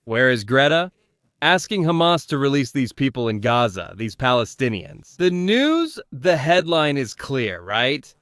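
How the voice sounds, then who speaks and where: A man's voice: mid-range voice, fairly bright tone, smooth, dry recording, clean studio sound. A man commentating on the news in a live stream, firing off rhetorical questions and greeting viewers in the chat.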